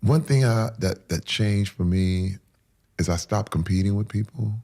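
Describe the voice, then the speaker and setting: An interview guest with a lowish voice speaks unhurriedly, telling his story candidly and earnestly. He repeats phrases for emphasis and lowers his voice to a hushed whisper at moving moments.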